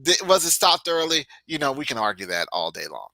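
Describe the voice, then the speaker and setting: A man's voice: fairly high pitch, a little fast, creaky, no room sound, poor audio. A man co-hosting a combat sports podcast, giving casual, emphatic opinions and stories. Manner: animated, emphatic storytelling. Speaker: podcast co-host.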